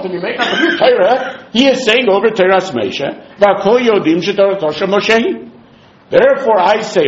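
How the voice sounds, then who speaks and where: A man gives a Talmud class in a bright, high voice that leaps up and down as he tells the story. He acts out the sages' arguments with relish and mixes Hebrew and Yiddish terms into his English. The recording sounds dull and lo-fi, in an echoey room. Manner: animated storytelling, acts out the sages' quarrel with chuckles. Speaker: Talmud teacher.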